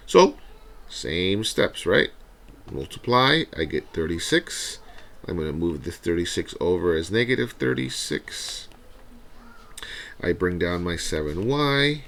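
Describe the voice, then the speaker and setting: A man with a deep voice and some vocal fry explains a math problem one step at a time. He teaches in a recorded review video and keeps checking in with his viewers. His tone stays conversational and patient. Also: a bit bright. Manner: talks through each step, often adds "right?".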